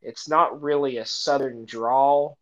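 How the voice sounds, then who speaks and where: Man, Appalachian twang, mid-pitched voice, chatty podcast co-host, laughs often, hesitant fillers. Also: steady tone, takes it slowly, a bit bright, highs cut off. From Appalachia, Tennessee-Virginia border. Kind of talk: casual chat.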